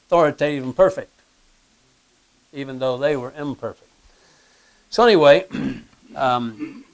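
Man preaching with a smooth, clear voice. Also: fairly high pitch. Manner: plain conversational preaching, frequent throat-clearing and fillers; asks the listeners rhetorical questions. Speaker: pastor. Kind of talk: sermon.

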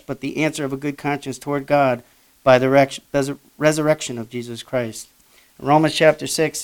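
A man with a mid-range voice preaches a sermon, reading old-style Bible verses aloud. He rises into loud, emphatic moments and drops into quieter asides.

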